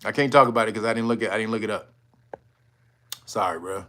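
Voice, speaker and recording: A man's voice: fairly low pitch, quick pace. A man hosting a casual livestream, talking loosely with a lot of swearing and frequent laughter. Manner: laughing often, animated, profane. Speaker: host.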